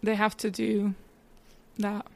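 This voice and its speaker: A woman co-hosting a casual chat show, excitable and gushing. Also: mid-range voice, slow pace, creaky. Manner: excitable, gushing, gasps and exclaims. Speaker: podcast co-host.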